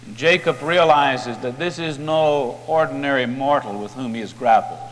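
Brief: male preacher, slow and dramatic storytelling, fairly high voice, long hall reverb. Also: a bit bright. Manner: dramatic, vivid retelling.

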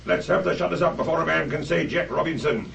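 A man's voice: a little high, quick pace, vocal fry, a bit bright, pitched above the performer's own voice. A man voicing a stout, jovial old male merchant with a rich, oily voice, calling out heartily in a storybook reading. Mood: hearty. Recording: dull lo-fi recording, off-mic.

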